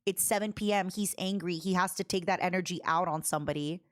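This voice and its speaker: A woman streamer chatting casually, telling a personal story in a rambling, animated way with many restarts and asides. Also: fairly low pitch, fast. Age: adult.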